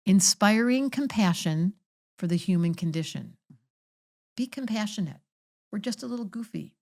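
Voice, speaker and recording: An older woman astrologer, a podcast guest telling animated, theatrical stories in casual conversation. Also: mid-range voice, moderate pace. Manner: theatrical storytelling, acting out quoted voices.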